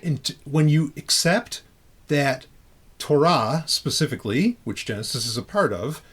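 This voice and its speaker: A man's voice: mid-range voice, husky. A man hosting a podcast in loose, casual chat, talking freely with frequent restarts and casual swearing. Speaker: podcast host.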